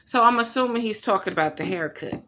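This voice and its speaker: A woman telling a story to her camera in a blunt, profane, animated rant. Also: mid-range voice, quick pace, background noise. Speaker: vlogger.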